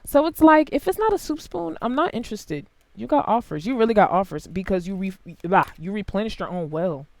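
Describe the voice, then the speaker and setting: A tarot reader giving a casual, blunt and heavily profane reading to camera, swinging between quiet asides and loud outbursts. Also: animated, fairly quick, dry recording. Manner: big jumps in pitch and loudness.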